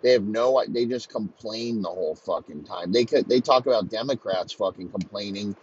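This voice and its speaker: A man's voice: on the low side, moderate pace, slightly rough. A man ranting crudely and mockingly, swearing constantly in a comedic tirade. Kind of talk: profane comedic rant. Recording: slightly muffled lo-fi recording, faint background noise.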